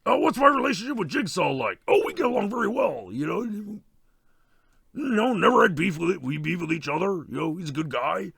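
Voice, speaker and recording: A man playing a crude, excitable masked slasher killer who rambles and swears in irritable rants during a comedy Q&A. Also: high voice, brisk, vocal fry, heavily acted. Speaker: stream host in character. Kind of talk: in-character comedy Q&A.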